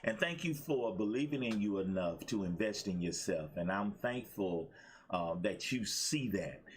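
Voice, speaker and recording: A man hosting a live-streamed motivational show, preaching with excitement, repeating his lines for emphasis and greeting viewers by name. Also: fairly low pitch, a little slow. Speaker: host of a daily motivational show.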